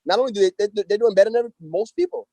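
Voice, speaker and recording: A man's voice: sits high, racing, dark tone. A man in his twenties from the United States, a guest on a podcast, chatting casually in slang with many restarts. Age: 20s. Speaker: guest, pro fighter. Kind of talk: casual interview chat.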